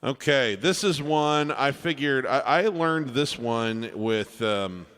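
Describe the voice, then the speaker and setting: A man's voice: medium pitch, animated, takes it slowly, fairly bright tone, long reverb tail. A man hosting a live piano stream, chatting casually with viewers and greeting them by name. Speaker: livestream piano player and host. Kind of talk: casual chat with livestream viewers. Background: piano playing.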